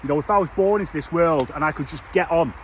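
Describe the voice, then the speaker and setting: A man's voice: fairly high pitch, quick pace, a little hiss or hum, low-quality recording. A man giving a passionate, blunt motivational rant to his viewers, filling it with slang and calling them lad and mate. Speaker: vlogger.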